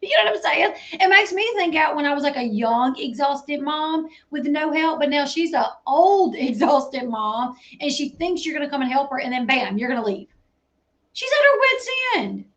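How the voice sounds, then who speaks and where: A woman with a high voice reacts to a clip in a blunt, incredulous way. She speaks her mind plainly as the host of a commentary channel. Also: big pitch swings, moderate pace, a bit bright, dull audio.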